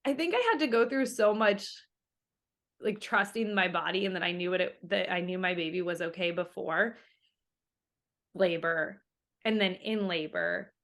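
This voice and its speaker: Young woman chatting as a guest, lots of likes and ums, quoting people as she goes. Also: lowish voice. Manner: chatty, many fillers, quotes others in her story. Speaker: interview guest. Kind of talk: casual interview storytelling.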